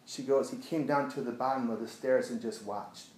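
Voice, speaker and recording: A man working as an addiction therapist, telling a client story to an audience in an earnest voice that drops to a hushed tone when he retells it. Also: mid-range voice, fairly even intonation, normal speed, echoey room, a little hiss or hum, low-quality recording.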